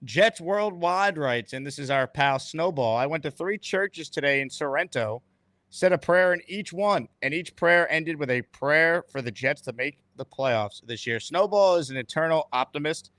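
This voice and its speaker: A man hosts a casual sports talk show, upbeat and quick on his words. His voice sits a little high for a man. The sound is dry and close, with no room around it. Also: lively intonation, a bit bright, no echo. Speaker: sports radio host.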